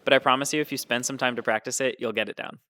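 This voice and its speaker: A man's voice: medium pitch, steady tone, rapid-fire, bright, forceful tone. A man teaching Mandarin tones, explaining patiently and demonstrating each sound. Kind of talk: explaining with spoken examples.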